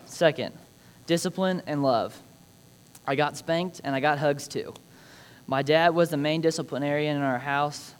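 A man's voice: medium pitch, slight background noise. A young man gives a prepared personal speech about his father, reading scripture in an earnest, reflective way with touches of light humor. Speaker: speaker honoring his father.

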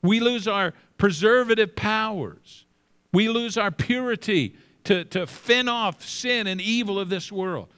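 A middle-aged male pastor preaching with emphasis, slowing down and repeating phrases, dropping his voice low for scripture. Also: fairly bright tone, clear, resonant tone. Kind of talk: sermon.

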